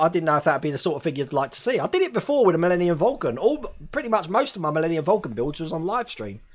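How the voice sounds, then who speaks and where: A man in his forties from England, hosting a live stream and chatting casually while reading viewer comments, laughing often. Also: a little high. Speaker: host.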